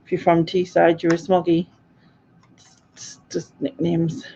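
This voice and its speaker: A Sunderland woman with a northeast English accent chats on a live stream, rambling loosely between topics and laughing often. Her voice sits low, with a gravelly fry and a dark, mellow tone. The stream audio sounds dull and lo-fi. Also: completely flat delivery, measured pace. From Sunderland, northeast England. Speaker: live-stream host reading chat. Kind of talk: casual live chat.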